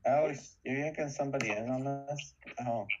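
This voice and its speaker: A man in loose, joking banter, mock-formal and quick to swear. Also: mid-range voice, highs cut off.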